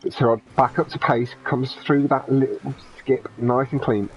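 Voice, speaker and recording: A man giving live play-by-play commentary on an online race, brisk and friendly with some teasing. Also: steady tone, slight background noise. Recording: dull low-fidelity mic.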